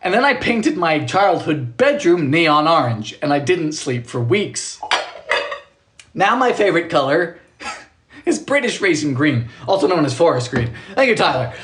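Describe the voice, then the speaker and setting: A man live-streaming from his home kitchen, chatting away as he bakes. His voice is lively and swings widely in pitch. He reads viewer comments aloud and tosses in wry little jokes. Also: measured pace, slight background noise. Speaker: home baker livestreaming. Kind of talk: casual live-stream chat.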